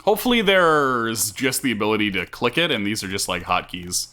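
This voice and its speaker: Low bright-voiced streamer. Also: male voice, a little fast. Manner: relaxed, wry asides. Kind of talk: casual game commentary.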